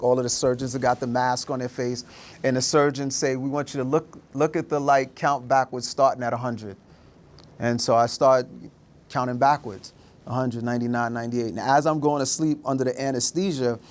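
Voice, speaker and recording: Middle-aged male speaker, vivid storyteller, does voices for characters, mid-range pitch. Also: a little mellow. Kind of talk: storytelling talk.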